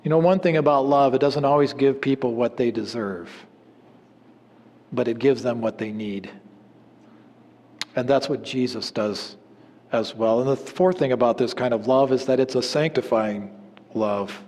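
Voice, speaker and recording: A man preaching a sermon in an earnest way, his voice dropping low at the ends of phrases. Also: normal speed, long pauses, a little mellow, big-room sound. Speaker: pastor.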